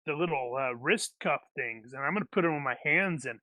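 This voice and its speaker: A man's voice: on the high side, expressive, brisk, pushed and bright, no room sound. A man acting as game master for a tabletop action game, talking in a rambling way with many restarts.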